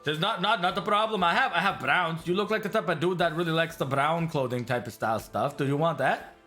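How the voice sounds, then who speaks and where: A man voicing a short, pushy human clothing merchant who talks like a fast salesman and bristles at haggling. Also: fairly high pitch, sharp tone, soft background music, pitched above the performer's own voice. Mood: salesy.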